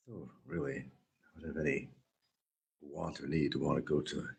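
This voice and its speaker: A man's voice: a bass voice, normal speed, creaky, long pauses. A man streaming a rambling, sarcastic monologue, mocking and teasing his viewers.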